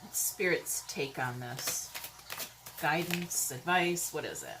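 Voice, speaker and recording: A woman giving a casual tarot reading, chatty and rambling, swearing freely, with sudden loud exclamations and frequent "okay?" check-ins. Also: deep voice, takes it slowly, background noise. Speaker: tarot reader.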